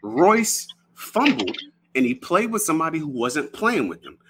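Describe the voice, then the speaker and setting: A caller giving measured, sardonic commentary on a live stream. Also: male voice, fairly high pitch, sing-song, background noise. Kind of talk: casual call-in commentary.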